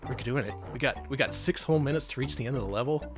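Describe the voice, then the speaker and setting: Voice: medium pitch, quick pace, music in the background. A streamer playing a retro game live, wry and jokey, yelping at the action. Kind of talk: casual gaming stream commentary.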